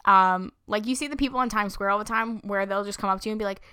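Bright, crisp-voiced playful New woman. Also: medium pitch, fast, dry recording, clean studio sound. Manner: playful, swears, acts out silly voices. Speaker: co-host. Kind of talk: casual chat.

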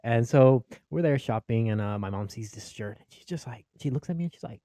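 A man's voice: mid-range voice, expressive, brisk, warm tone, dry recording. A young Mexican-American man doing stand-up comedy, swearing freely, laughing at his own jokes and acting out his family.

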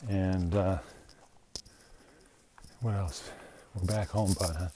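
Low-voiced rambling male podcaster. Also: steady tone, slow pace, warm tone, a little hiss or hum. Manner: rambling, reflective, self-deprecating. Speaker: podcast host. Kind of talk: casual monologue podcast.

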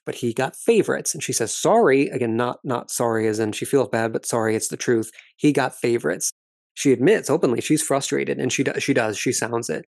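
A man hosting a podcast, recapping reality TV footage in a wry, measured, analytical way. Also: medium pitch, vocal fry, darkish tone, no echo, studio quality. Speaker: podcast host and commentator.

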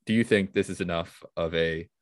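A man hosts a casual podcast in a very low, deep voice. He keeps things playful, leading segments and quick question rounds. The recording is dry and close-miked. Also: fairly even intonation, clean tone, no room sound. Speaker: podcast host.

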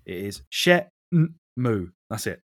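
A man's voice: medium pitch, animated, fairly quick, no room sound, clean studio sound. A man hosting a podcast in casual chat, with sweary, mock-grumpy banter. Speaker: podcast host.

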